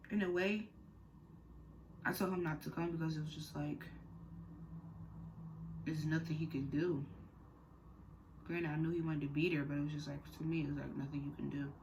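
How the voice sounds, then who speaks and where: A young woman with a low, deep voice tells her own story straight to camera, talking candidly with lots of fillers and repeats. She turns earnest and direct when she gives advice, and a faint hiss sits under the recording. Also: low-quality recording. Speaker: vlogger. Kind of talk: personal storytime vlog.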